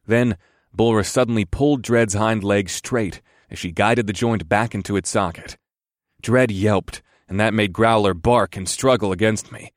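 A man reads a first-person fantasy story with measured, wry delivery. His voice sits low, and the recording is close and dry, with no room around it. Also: dry recording. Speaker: audiobook narrator.

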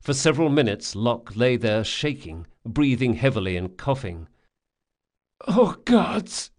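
A man narrating a fantasy audiobook at a mid pitch for a man. His delivery is steady and measured as he lays out the action. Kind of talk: scripted narration.

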